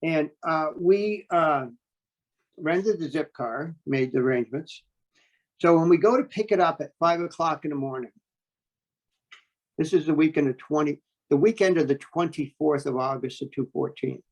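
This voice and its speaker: A man telling a story as an interview guest, talking in a blunt, animated way and swearing freely. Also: a little high, normal speed, dull audio. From New York State. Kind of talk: casual storytelling.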